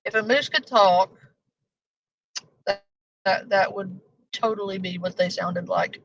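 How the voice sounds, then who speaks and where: A woman's voice: medium pitch, normal speed, vocal fry. A woman hosting a casual live stream, rambling and joking with plenty of swearing. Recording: dull lo-fi stream audio.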